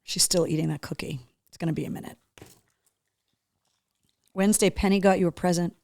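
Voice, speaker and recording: A woman hosting a casual live show, chatty and excitable, talking to her dog between opening gifts from fans. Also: on the low side, brisk, creaky. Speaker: host.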